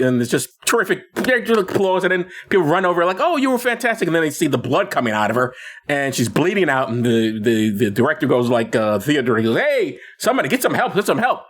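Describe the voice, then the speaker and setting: Guy chatting on a movie podcast, voice jumps all over, stop-start retelling. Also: fairly high pitch. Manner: animated, halting retelling with many restarts and laughs. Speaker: podcast co-host. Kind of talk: casual movie chat.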